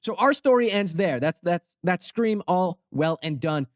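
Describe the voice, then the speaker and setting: A young male host with a high, light voice tells a story in a goofy, rambling way, full of sarcastic asides. He is recorded on a close mic in a dry space with no room echo. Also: expressive, measured pace. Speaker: channel host. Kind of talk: comedic storytelling commentary.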